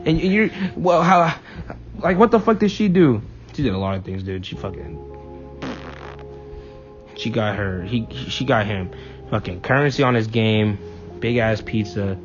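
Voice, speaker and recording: A man's voice: fairly low pitch, unhurried, pauses often. A young man telling profane, rambling anecdotes in a casual chat with a friend. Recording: dull lo-fi mic, faint music.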